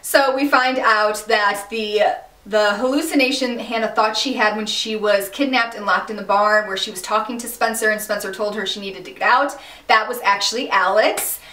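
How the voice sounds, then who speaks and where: A woman casually recapping a TV finale, animated and slangy, exclaiming and laughing as she tells it. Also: medium pitch, moderate pace, distant mic. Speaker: recap vlogger. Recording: echoey room, a bit off-mic.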